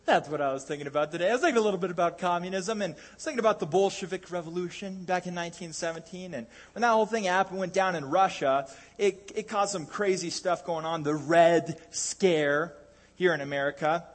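A man's voice: sits high, fairly quick. A man preaching a sermon in a conversational way, with jokey asides and frequent restarts.

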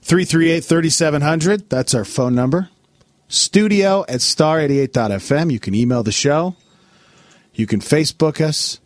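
A man's voice: a little high, moderate pace, no room sound. A man hosting a morning radio show in a radio studio, with upbeat, chatty host patter. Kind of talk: casual on-air banter.

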